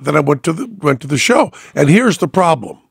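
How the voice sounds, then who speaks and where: A man hosting a podcast in casual chat, his voice hoarse and gravelly as it recovers, telling a story with lots of animation. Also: fairly quick, no echo, clean studio sound. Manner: animated storyteller, jumps into squeaky voices when quoting himself. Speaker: podcast host.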